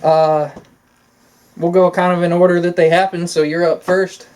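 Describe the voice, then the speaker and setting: A man's voice: sits high, flat delivery, normal speed, darkish tone. A man co-hosting a casual talk show, telling stories in a loose, profane way and laughing often. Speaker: podcast co-host. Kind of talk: casual chat.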